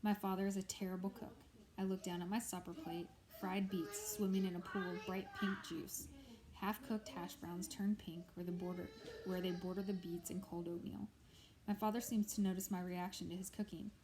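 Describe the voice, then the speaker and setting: A woman reading a novel aloud in a steady storytelling voice. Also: medium pitch, normal speed, rough recording. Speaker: audiobook reader. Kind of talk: scripted narration of a novel.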